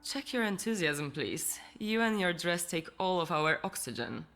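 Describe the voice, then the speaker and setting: A woman's voice: fairly low pitch, animated, normal speed, fairly bright tone. An actress playing a sarcastic, dismissive woman with a cutting, dry delivery. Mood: scornful.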